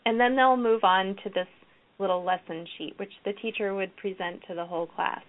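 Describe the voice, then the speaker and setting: A woman's voice: medium pitch, fairly even intonation, a little fast. Woman lecturing over tinny lo-fi audio. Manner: explanatory, models classroom activities aloud. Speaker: educator presenting a reading program. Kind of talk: recorded lecture with slides.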